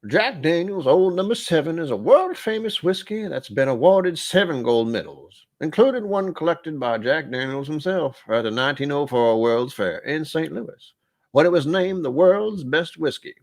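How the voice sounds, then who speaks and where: A man putting on the voice of an old Southern gentleman, reading a whiskey label in a slow, grand way. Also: on the high side, animated, voice pushed up. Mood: grandiose.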